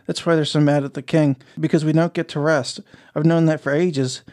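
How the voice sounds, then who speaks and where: A man's voice: fairly high pitch, little pitch movement, fairly quick, darkish tone, lightly acted. A man voicing a cheerful, playful ghost girl in a storybook reading, with a chirpy manner. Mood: chatty.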